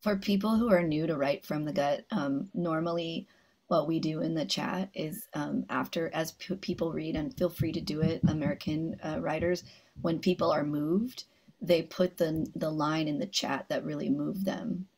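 A woman with a deep, husky voice hosts an online event. She walks the audience through instructions, hesitating often in a casual, easygoing way. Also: fairly even intonation, normal speed, darkish tone, rough recording. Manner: hesitant, explaining logistics. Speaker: organizer and host of a writing event.

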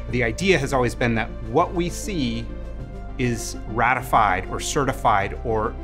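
A man giving an expert documentary interview, animated and acting out hypotheticals. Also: medium pitch, a little slow. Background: music.

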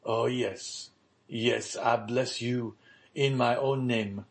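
A grave, resigned aging father in a storybook reading, as a male narrator puts him on. His slow, measured words carry a sober weight, at a middling pitch. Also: fairly even intonation. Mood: solemn.

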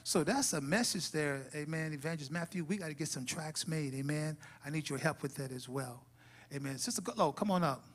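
A man's voice: a little high, brisk. A man who is pastor, giving church announcements and then leading a fervent, rising prayer in a church. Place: church sanctuary.

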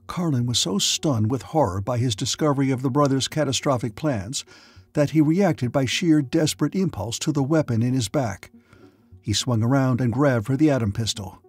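A man's voice: medium pitch, moderate pace, a little mellow, breathy edge. A man narrating a science fiction audiobook with dramatic storytelling. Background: faint music.

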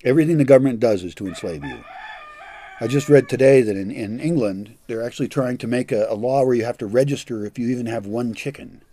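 A man's voice: medium pitch, fast talker, dark tone, a little hiss or hum. An older man giving a blunt, profane monologue as a vlogger, scornful and direct. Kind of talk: ranting monologue.

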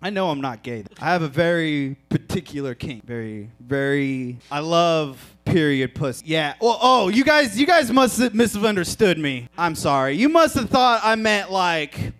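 Brief: male stand-up comic, high and animated, crude and loose, echoey bar room heard from a distance. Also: moderate pace, few pauses. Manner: crude, loose, conversational storytelling. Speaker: stand-up comedian. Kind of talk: stand-up comedy set. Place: bar venue stage with live audience. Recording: echoey room, distant mic, crowd audible.

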